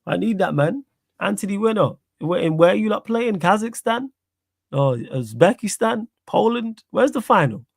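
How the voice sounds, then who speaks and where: Gravelly Mancunian man, laid-back banter. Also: high voice, lively intonation, normal speed, dry recording. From Manchester, England. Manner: laid-back, laughs often, slangy. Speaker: podcast host. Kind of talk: casual football chat.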